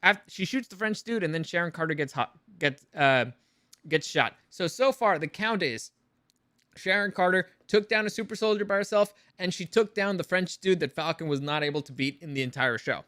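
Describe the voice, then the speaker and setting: A man delivering a ranting review, sarcastic and fed up, with frequent swearing. His voice sits fairly high and sounds bright and forceful. The recording is close and dry. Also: normal speed, dry recording. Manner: exasperated, sarcastic, swears freely.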